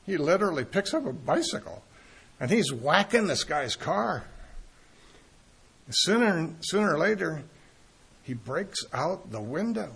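A man preaching a sermon in an earnest, emphatic way, pausing often and restarting phrases. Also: medium pitch, creaky, fairly bright tone, slightly rough.

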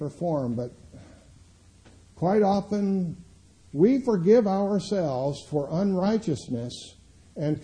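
A middle-aged man preaching a sermon as pastor, swinging between loud emphatic declarations and quiet low asides. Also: rough recording.

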